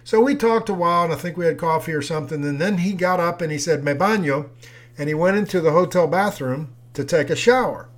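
Male preacher on an audio teaching; slightly high voice, easygoing and explanatory, full of fillers. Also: quick pace, few pauses. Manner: conversational, with fillers and restarts; explains with homely examples. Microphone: audio recording.

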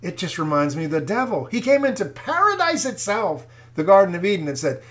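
An older man with a high voice preaches his commentary straight to his viewers. He hammers his points home by repeating phrases and keeps calling his listeners folks. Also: sing-song, fairly quick, hardly any pauses, a bit bright. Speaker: Christian commentator.

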